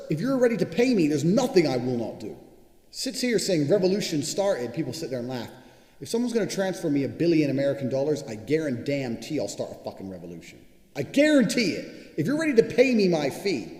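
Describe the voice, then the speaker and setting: Brief: brash man, rapid-fire and full of swearing, mellow dark tone, echoing room with long reverb. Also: on the high side. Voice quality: profane, boastful delivery. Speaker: self-promoting speaker addressing viewers. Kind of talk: casual monologue to camera.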